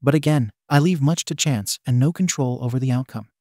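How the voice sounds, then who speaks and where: Male narrator for online story readings: warm, dark tone, dry close sound, steady first-person delivery. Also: medium pitch, a little fast, no echo. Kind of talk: scripted narration of online posts.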